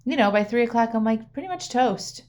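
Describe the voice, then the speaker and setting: Speaking briskly in a fairly high, darkish voice, a woman coach hosts a solo podcast with animated delivery. She chats casually and directly with her audience, frequently checking in with "right?" or "okay?" and laughing lightly and often.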